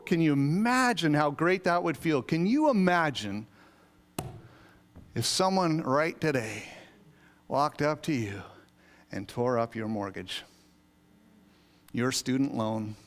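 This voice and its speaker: A man, an associate pastor, preaching a sermon in a conversational yet emphatic way, with sudden swells of excitement. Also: fairly high pitch, slow pace, pauses often. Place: church sanctuary.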